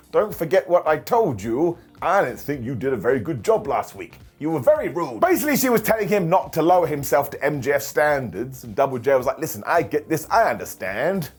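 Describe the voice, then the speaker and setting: A fairly high-pitched man recaps a wrestling show in a jokey, comedic way. He often does silly voices for the wrestlers and laughs between lines.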